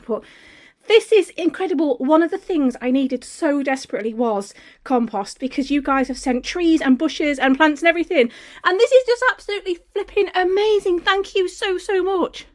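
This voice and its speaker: A high-pitched woman talks to her viewers in a casual home vlog. She gushes with excitement, laughs a lot and lets the odd swear slip. Her voice sits up high and bright in tone. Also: moderate pace. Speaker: home and garden vlogger. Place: home hallway and garden.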